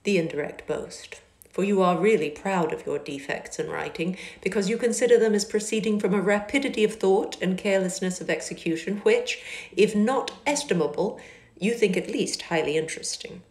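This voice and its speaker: A woman reading a novel aloud and voicing a proud, reserved young gentleman, speaking low, quietly and curtly. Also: normal speed, lightly acted. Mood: cool. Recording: echoey car interior.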